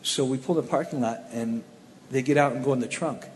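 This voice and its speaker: A man from the Cleveland area shares his personal testimony, telling it in a plainspoken, animated way with restarts. His middle-pitched voice moves fairly quickly. The roomy hall gives a long reverb tail, with faint ambience behind him and a little hiss or hum.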